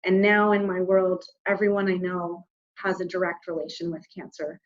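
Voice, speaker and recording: A woman from Canada, an interview guest, telling a personal story in a heartfelt, reflective way, pausing and restarting as she goes. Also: on the low side, little pitch movement, muffled recording.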